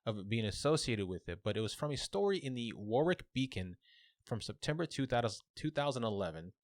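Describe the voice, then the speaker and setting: A man co-hosting a podcast, casually telling a local legend with relaxed fillers and restarts. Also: medium pitch, a little fast, no room sound, studio quality. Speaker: podcast co-host.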